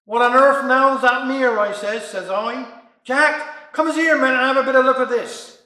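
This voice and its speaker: A man's voice: very high-pitched, steady tone, moderate pace, bright, forceful tone, distant mic. A man voicing a chatty, flustered older Cornish housewife, rambling in broad dialect. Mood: gossipy. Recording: roomy echo.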